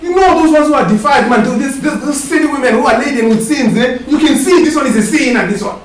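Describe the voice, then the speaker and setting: A man with a very high voice preaches a sermon and keeps tagging his lines with quick questioning asides. He asks the listeners to complete his sentences. The sound is distant and echoes heavily around a church hall, with a faint hiss underneath. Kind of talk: sermon with call-and-response.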